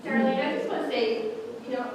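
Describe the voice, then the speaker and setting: A woman's voice: sits high, brisk. A woman in a church service speaking encouragingly to a family she has known for years. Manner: warm, encouraging, speaks with affection. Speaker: church member addressing the family. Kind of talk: heartfelt remarks in a church service. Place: large church sanctuary. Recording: echoey hall, distant mic, noise.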